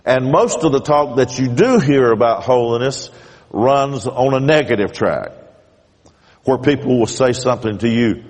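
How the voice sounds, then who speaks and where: Husky male pastor preaching slow, voice jumping way up on the scripture bits, long church reverb. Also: a little mellow. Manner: preaching with big rises in pitch on quoted scripture; slow, deliberate delivery. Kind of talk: sermon. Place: church sanctuary.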